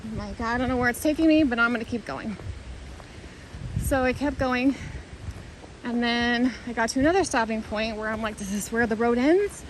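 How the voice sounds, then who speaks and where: A woman's voice: fairly high pitch, normal speed, slight background noise, low-quality recording. A woman talking to the camera while walking a hiking trail outdoors, thinking aloud in an earnest, rambling, reflective way. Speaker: vlogger.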